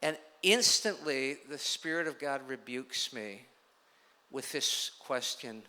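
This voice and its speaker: Man, sermon, conversational storytelling, mid-pitched, bright forceful tone, long hall reverb. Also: expressive, slow pace. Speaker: pastor.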